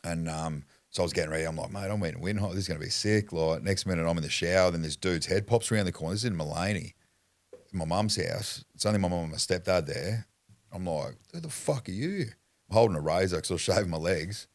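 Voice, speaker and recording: A man's voice: deep voice, quick pace, no room sound. An Australian man telling his life story as a podcast guest in blunt, profanity-heavy talk that rambles and restarts. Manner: blunt, swears constantly. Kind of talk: candid personal storytelling.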